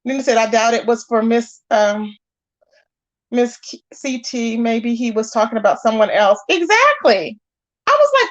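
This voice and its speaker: Exasperated high-voiced woman ranting on stream. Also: moderate pace, highs cut off. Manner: animated and exasperated, acting out quoted lines. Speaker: live-stream commentary host. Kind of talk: casual live-stream commentary, greeting chat viewers.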